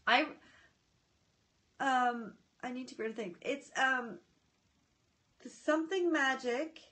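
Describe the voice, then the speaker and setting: Brief: woman, high voice, chatty livestream host, greets viewers, excitable and scattered. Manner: excitable, often breaks off mid-sentence. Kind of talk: casual live chat. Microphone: phone or tablet.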